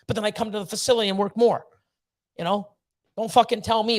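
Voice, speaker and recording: A man with a notably high voice rants on a livestream, blunt and profane. He pushes hard with fired-up motivational talk and swears constantly. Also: fairly even intonation, brisk, pauses often. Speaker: snake breeder hosting a livestream. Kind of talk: livestream rant.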